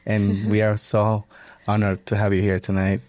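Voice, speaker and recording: A man's voice: fairly low pitch, monotone, normal speed, crowd noise. A man hosting a podcast, asking questions and wrapping up with many "uh" and "you know" fillers. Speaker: podcast host. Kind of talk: casual interview chat.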